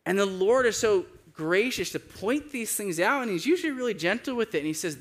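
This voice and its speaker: Male pastor, fairly high voice, casual sermon delivery with acted-out quotes. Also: animated, a little fast, few pauses. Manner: conversational, acts out quoted voices with big pitch jumps.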